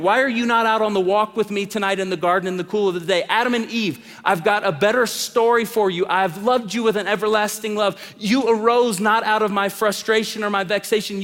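A middle-aged man preaching a sermon as a pastor, swinging between loud calls and hushed lines. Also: sits high. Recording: long reverb of a large hall.

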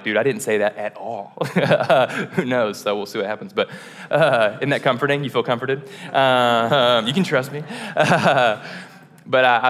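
A man preaching a casual sermon as pastor, relaxed and self-deprecating, chatting with lots of fillers and restarts. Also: medium pitch, long reverb tail. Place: church auditorium.

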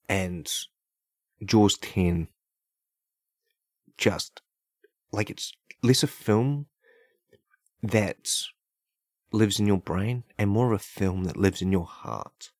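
A man with a fairly low voice rambles through a comedic podcast monologue, piling up fillers and asking "right?" to nobody. He praises silly ideas with deadpan, mock-earnest sincerity. The mic sound is close and dry, with no room around him. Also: takes it slowly, pauses often, no echo. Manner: loose, filler-heavy riffing with many "like" and "right?". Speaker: podcast host. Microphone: podcast microphone.

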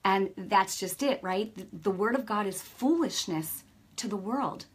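A middle-aged woman giving a casual faith talk, telling stories with lively energy and often checking in with her listeners. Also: medium pitch, a little slow, slightly rough. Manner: lively storytelling, acts out quoted dialogue; peppers speech with "right?" and "you know". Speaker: Christian speaker.

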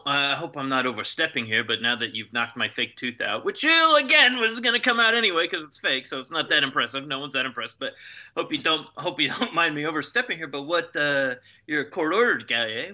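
A man's voice: a little high, lively intonation, a little fast, bright, forceful tone. A man playing a tall, touchy former heavyweight wrestler in an improvised comedy scene, rambling with many hesitant fillers. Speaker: improv podcast host.

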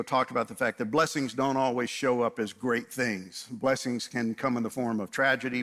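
A man's voice: mid-range voice, bright, forceful tone. A man in his fifties, a pastor preaching a sermon, earnest and asking the congregation rhetorical questions.

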